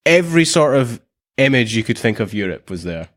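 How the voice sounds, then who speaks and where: A man's voice: medium pitch, sing-song, fairly quick, a bit bright. A man with a British accent co-hosting a podcast in casual chat, rambling and wry with many restarts. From Britain. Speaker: podcast co-host.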